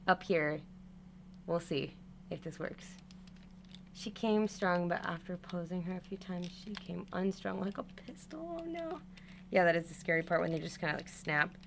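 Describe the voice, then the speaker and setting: A woman's voice: on the low side, a little hiss or hum. A young woman chatting casually on a livestream as she works on a doll, narrating each step and breaking into frustrated exclamations. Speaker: doll hobby vlogger. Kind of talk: casual livestream chat while restringing a doll.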